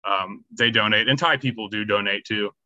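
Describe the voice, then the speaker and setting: Hesitant low-ish guy answering questions, lots of ums, kinda muffled audio. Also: moderate pace, sharp tone, no room sound. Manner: hesitant, many ums and restarts. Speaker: charity volunteer. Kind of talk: interview answers.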